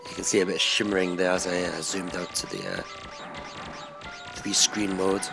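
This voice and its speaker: A man giving a relaxed, rambling voice-over commentary on a retro game, with lots of filler words. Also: low voice, moderate pace, gravelly. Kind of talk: casual gameplay commentary voice-over. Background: game music.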